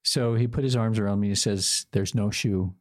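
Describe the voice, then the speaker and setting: An older man shares a personal story, his voice sitting slightly low. He speaks haltingly, with plenty of fillers and restarts, and plays out both sides of the remembered dialogue. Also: fairly even intonation. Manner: quotes himself and his partner in dialogue.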